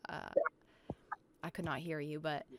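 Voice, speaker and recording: A woman's voice: deep voice, flat delivery, a little hiss or hum. A young woman chatting and giggling as a news anchor in a game voice-chat roleplay. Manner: chatty, giggly and quick to react.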